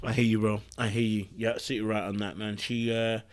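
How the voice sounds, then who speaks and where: A man's voice: fairly low pitch, little pitch movement, quick pace. A man hosting a podcast panel, chatting casually with laid-back slang and plenty of fillers. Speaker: podcast host. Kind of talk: casual chat.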